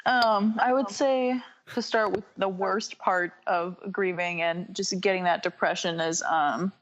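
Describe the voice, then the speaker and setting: A woman's voice: mid-range voice, steady tone, highs cut off. A woman with a Southern accent from North Carolina chats on a podcast in a loose, rambling way. She stops and restarts often, threading her thoughts with fillers. Her voice sits in a middling register. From North Carolina, USA. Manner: rambling and halting, full of "like" and "um". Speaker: podcast guest. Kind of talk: casual podcast chat.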